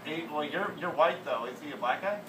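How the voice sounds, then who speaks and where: Offhand improv comedian, distant and echoey. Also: male voice, fairly high pitch, expressive, crowd noise. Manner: offhand, quick quips and short replies. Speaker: improv performer. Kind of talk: improvised stage comedy scene. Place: small comedy theatre stage. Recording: roomy stage sound from far off with noise.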